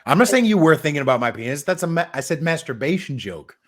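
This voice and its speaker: A man's voice: on the high side, very animated, quick pace, fairly bright tone. A man hosting a podcast in casual chat, rambling and cursing as he jokes. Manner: rambling, profane, joking. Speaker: podcast host. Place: home studio in New York.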